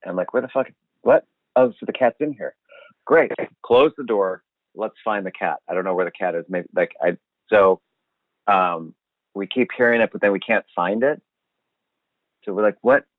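A man telling a funny story in a casual chat, animated and swearing, acting out what he said at the time. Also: on the low side, normal speed, long pauses, no room sound. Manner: animated, swearing, acts out his own quotes. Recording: dry, phone-like sound.

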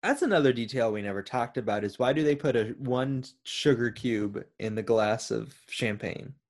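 A man's voice: mid-range voice, animated, normal speed. Earnest man retelling movie scenes. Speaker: podcast co-host. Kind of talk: casual movie chat.

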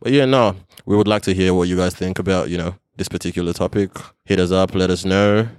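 Deep-voiced podcast host, easygoing. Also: male voice, a little fast, smooth, no echo. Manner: relaxed, conversational, lots of "you know". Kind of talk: casual chat.

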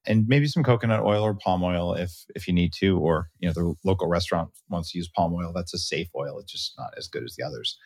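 Low-voiced man, dry close sound. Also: fairly quick, few pauses, dry recording. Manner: animated storyteller, quotes his kids in a high voice. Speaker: podcast host. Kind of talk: casual interview chat.

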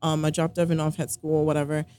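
A woman with a low-pitched, mellow voice talks quickly in a level tone. She casually recounts a relationship, rambling with lots of fillers and quoting what other people said.

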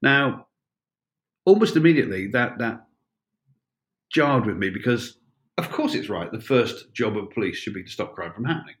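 Man, 60s, low-pitched, rambling, wry, storytelling interview guest. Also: lively intonation, normal speed, pauses often, fairly bright tone. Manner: rambling and wry, with many fillers and restarts. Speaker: interview guest, former police officer. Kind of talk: anecdotal storytelling.

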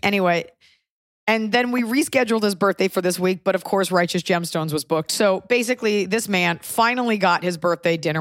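Low-voiced woman telling loose jokes. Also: no room sound, studio quality. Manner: chatty, loose storytelling with jokes and swearing. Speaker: podcast host. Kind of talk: casual chat.

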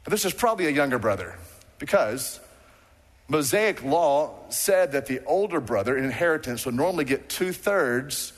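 A man preaching a sermon to a congregation, animated and playful, acting out the people in the passage he reads. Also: mid-range voice. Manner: animated, acts out quoted voices. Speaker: pastor. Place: church sanctuary. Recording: long hall reverb.

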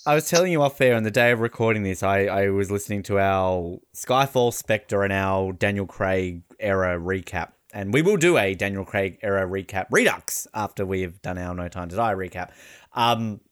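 An Australian man hosting a casual podcast chat, animated and laughing often, slipping into comic voices. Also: deep voice, moderate pace, clean tone. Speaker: podcast host.

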